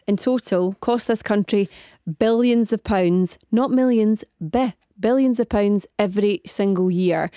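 A Scottish woman hosts a radio phone-in from a dry, close-miked studio, rattling off one question after another. She sounds slightly out of breath and keeps a brisk, chatty pace. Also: mid-range voice, warm tone, no room sound. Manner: chatty, rapid, asks listeners lots of questions. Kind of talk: live radio chat.

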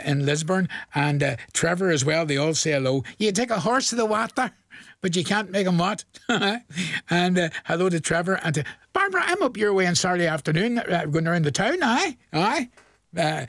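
Chatty Northern Irish radio man, high-pitched. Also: a bit bright, no room sound, studio quality. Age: 40s. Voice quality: chatty, jokey, chuckles often. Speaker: radio presenter. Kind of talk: local radio request show chat.

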